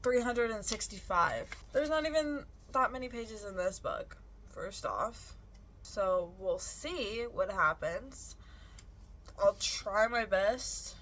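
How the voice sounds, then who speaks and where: A young woman talks through her reading plans in a loose, rambling vlog chat, often stopping to correct herself. Her voice sits at an ordinary middle pitch. A faint hiss of background noise runs under the recording. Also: lively intonation, slow, a bit bright. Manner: chatty, rambling, self-correcting. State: out of breath. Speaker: book vlogger.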